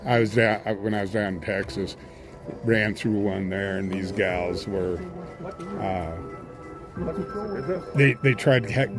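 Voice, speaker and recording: A man's voice: on the low side, measured pace, pauses often, over music. A man streaming live outdoors, chatting casually and rambling with lots of uh's and restarts. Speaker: independent scanner-chasing reporter. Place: outdoors at a haunted house attraction. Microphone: handheld phone camera.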